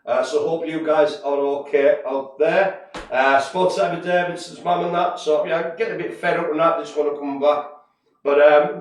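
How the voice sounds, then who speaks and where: Brief: man, co-host, jokey and rambling, slightly high voice, distant mic in an echoey room, faint noise. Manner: chatty and jokey, many fillers. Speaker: co-host giving shout-outs. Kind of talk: casual live-stream chat.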